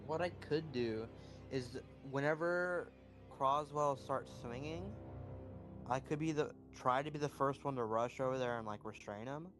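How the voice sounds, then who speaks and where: A man's voice: mid-range voice, a little slow, music in the background. A man playing a tabletop game, talking in a laid-back, blunt way. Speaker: player. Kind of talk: casual chat in a tabletop game.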